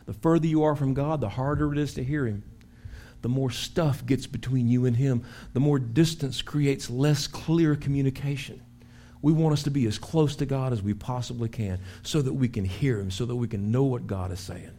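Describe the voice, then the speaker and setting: A man preaching a sermon as pastor in a church, telling stories with lively acted-out shouts. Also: medium pitch, moderate pace. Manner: animated storytelling with acted-out shouts. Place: church sanctuary.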